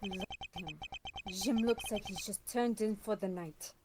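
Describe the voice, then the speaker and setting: A woman's voice: medium pitch, normal speed, noisy background, close to an everyday voice. A woman doing a sobbing dramatic prosecutor man. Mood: indignant. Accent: attempted French accent. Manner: overwrought sobbing delivery. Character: grief-stricken male prosecutor, theatrical. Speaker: game player reading lines. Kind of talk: playful game voice-over reading.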